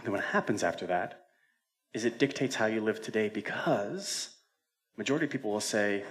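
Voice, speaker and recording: A man's voice: lowish voice, expressive, normal speed. A male senior pastor preaching a sermon in a conversational way, with frequent fillers and self-corrections.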